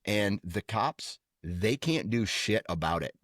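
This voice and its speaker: A man's voice: lowish voice, lively intonation, slow, fairly bright tone, no echo, studio quality. A man co-hosting a podcast, telling stories in casual chat and slipping into silly voices. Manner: storytelling with put-on voices and laughter. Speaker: podcast co-host.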